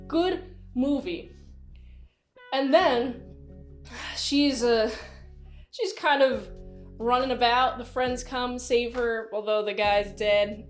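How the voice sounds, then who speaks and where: A fairly high-voiced woman recapping a horror film in a loose, chatty review. She exclaims often and jumps between calm retelling and bursts of excitement, with faint music in the background. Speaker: movie reviewer. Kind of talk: casual spoken movie review.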